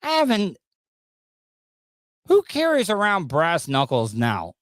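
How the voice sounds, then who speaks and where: A man's voice: high voice, huge pitch swings, takes it slowly, a bit bright, no echo. Male podcast host, wisecracking and mocking, dry room. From Southern US. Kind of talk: casual commentary on news clips.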